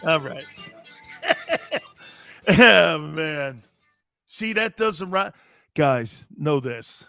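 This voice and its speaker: A man hosting a sports talk show, telling jokey stories in an animated, casual way. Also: fairly high pitch, extremely slow, vocal fry, pauses often, no room sound, studio quality, faint music behind. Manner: animated, joking storyteller. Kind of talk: casual sports radio chat.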